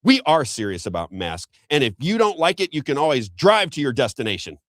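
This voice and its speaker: A man's voice: fairly high pitch, expressive, fairly quick, fairly bright tone, dry recording, clean studio sound, voice pushed up. A man putting on the voice of a tall, flamboyant male flight attendant who scolds a passenger in a haughty tone. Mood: scolding.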